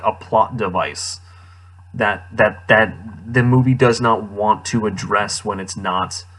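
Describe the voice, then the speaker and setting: A man's voice: lowish voice, a bit bright. A man giving casual, sarcastic commentary on a movie he just watched, incredulous and laughing often. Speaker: movie reviewer.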